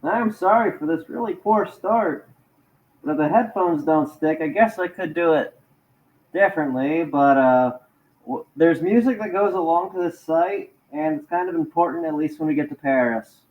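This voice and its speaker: A man's voice: a little high, moderate pace, highs cut off. A man hosting a casual live stream, rambling and joking at his own expense while he sets up and walks through a website. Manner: rambling, self-deprecating, talks while fixing gear. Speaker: livestream host.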